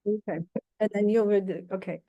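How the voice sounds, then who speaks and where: A woman poet reading her own poem aloud at a poetry reading, halting in the introduction and lilting in the recitation. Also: medium pitch, steady tone, mellow, muffled recording.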